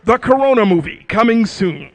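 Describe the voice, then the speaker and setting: A man doing a dramatic movie-trailer announcer voice, slow and loud. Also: high-pitched, very animated.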